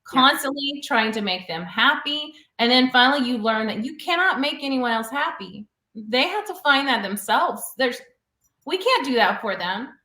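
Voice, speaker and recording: A woman's voice: sits high, lively intonation, moderate pace, sharp tone, roomy sound. A woman guest in a casual interview, telling personal stories in a chatty way and laughing often.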